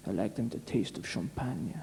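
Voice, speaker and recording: A man's voice: fairly low pitch, normal speed, vocal fry, mellow, a little hiss or hum, voice pushed down. A man voicing a vain, romantic French aviator who explains himself in a suave, self-satisfied way.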